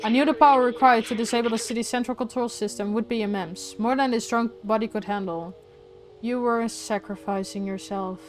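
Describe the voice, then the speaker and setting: A woman plays a loyal little robot companion from a video game, kind and steady to the end. The voice sits fairly high and stays hushed and understated. Faint game music runs underneath. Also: fairly quick, natural voice. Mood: tender. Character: small loyal male robot companion, gentle.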